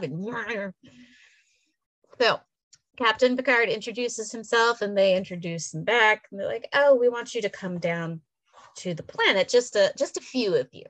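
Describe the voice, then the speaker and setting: A woman's voice: measured pace, dry recording. A woman chatting casually as a podcast co-host, retelling a story with filler words and acting out the characters' lines. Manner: animated storyteller, acts out characters' lines with big pitch jumps; casual, filler-heavy, swears. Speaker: podcast co-host recapping an episode. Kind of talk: casual chat.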